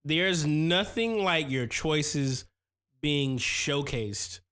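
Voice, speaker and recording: Guy in his 30s on a chill stream reading out comments, bright voice, bounces around a lot in pitch. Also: very slow, clear, resonant tone. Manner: relaxed slangy, reads viewer comments aloud. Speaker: host reviewing viewer beats. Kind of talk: casual livestream chat.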